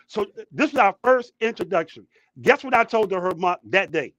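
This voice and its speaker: A man co-hosting a talk show, telling a story with excitement and repeating his words. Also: high voice, normal speed, a little hiss or hum, poor audio. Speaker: co-host. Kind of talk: casual talk show chat. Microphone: headphones, studio mic.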